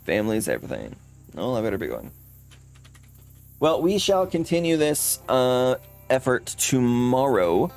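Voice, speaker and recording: A man's voice: medium pitch, very animated, a little slow, pauses often, a little mellow. A man hosting a let's play, chatting casually with lots of uh and um over faint game music. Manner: chatty, fills with uh and um.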